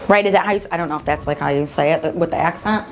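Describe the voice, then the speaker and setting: Hosting a live embroidery stream, a woman with a low voice talks at a racing pace over heavy background noise. She's chatty and upbeat, keeping up casual demo talk with her viewers as she works at a machine.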